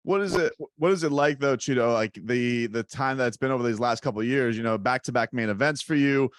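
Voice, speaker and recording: A man's voice: mid-range voice, a little fast, clear, resonant tone, no room sound, clean studio sound. A man co-hosting a casual interview, asking long, rambling, stacked questions. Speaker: podcast co-host.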